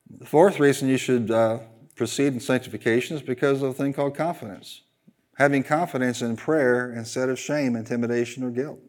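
Man, pastor, sermon, mid-pitched voice, animated, call-and-response. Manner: animated preaching with call-and-response, jokes and sung asides.

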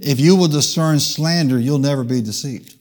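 A man's voice: medium pitch, normal speed, darkish tone. A man preaching a sermon, leading the congregation in call-and-response and changing his pace for emphasis. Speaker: pastor. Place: church.

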